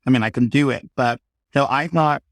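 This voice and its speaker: A man's voice: mid-range voice, fairly quick, no room sound. A man in his thirties talks as a guest on a podcast, recorded close and dry with no room sound. His voice sits in the middle range, and he tells stories with energy and acts out the voices of the people he quotes. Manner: animated storyteller, acts out quotes. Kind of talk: casual conversation.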